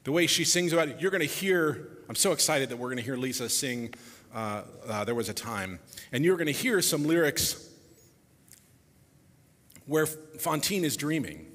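A man giving a reflective public talk before a musical performance, animated, his voice dropping softly at the ends of phrases. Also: a little high, normal speed, long reverb tail. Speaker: speaker introducing a musical performance.

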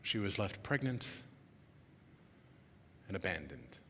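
Man, reflective public talk, lively up-and-down delivery, bright voice, long hall reverb. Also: low-pitched, takes it slowly, slight background noise. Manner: animated, voice dropping softly at phrase ends. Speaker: speaker introducing a musical performance.

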